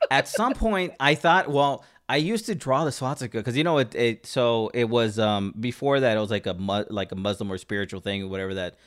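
A man from Southern California telling a story in casual chat, rambling and halting with many fillers and restarts. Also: mid-range voice, fairly bright tone, clean tone.

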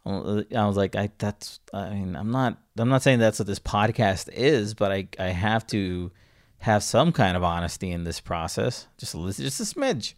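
With a fairly low pitch and an animated delivery at moderate pace, a young man co-hosts a casual podcast. He tends to ramble and fumble his words, cutting himself off and laughing frequently.

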